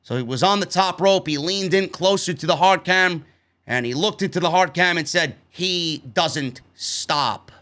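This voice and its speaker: A man's voice: high-pitched, normal speed, fairly bright tone. A man hosting a wrestling show review, ranting heatedly and swearing constantly as he talks through the episode.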